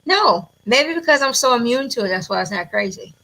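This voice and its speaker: A woman who announces wrestling, chatting in an interview and telling animated stories with plenty of laughter. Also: a little high, a little fast, poor audio. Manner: animated, laughs often, acts out quotes. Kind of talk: casual interview storytelling.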